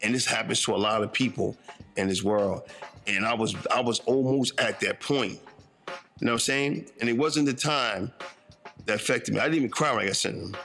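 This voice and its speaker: A man's voice: medium pitch, moderate pace, gravelly, bright, forceful tone, soft background music. A man in his fifties from northern New Jersey, telling his own life story in a reflective, conversational way with street slang, often asking if the listener follows him. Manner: conversational, street slang, keeps asking "you know what I'm saying". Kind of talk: reflective first-person storytelling.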